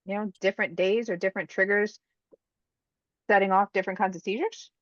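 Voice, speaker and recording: A woman on a casual podcast, calmly explaining her own experiences. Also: mid-range voice, fairly quick, dry recording, highs cut off.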